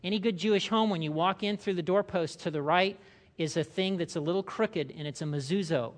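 A man's voice: sits high, a little fast, in a large hall. A man preaching a conversational sermon, often asking the room questions and reading scripture aloud. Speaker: pastor.

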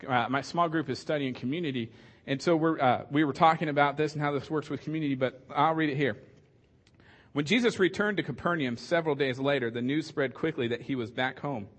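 A man's voice: on the high side, brisk, fairly bright tone. A man preaching a casual sermon as pastor, conversational and joking, with many fillers and restarts.

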